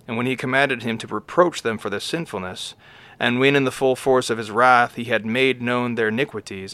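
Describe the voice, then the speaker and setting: A man reading an old homily aloud in a measured way, naming each scripture source after he quotes it and now and then stumbling and correcting himself. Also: mid-range voice, a bit bright, no room sound. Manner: occasional stumbles and self-corrections. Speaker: reader of a homily.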